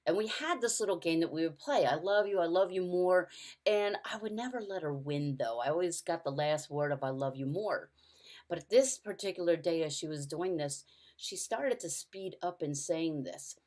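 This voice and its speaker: A middle-aged woman sharing a personal caregiving story in an earnest, storytelling way over a video call, going soft and quiet in the hardest parts. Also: fairly low pitch, lively intonation, moderate pace. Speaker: caregiver speaker. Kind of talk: personal testimony talk.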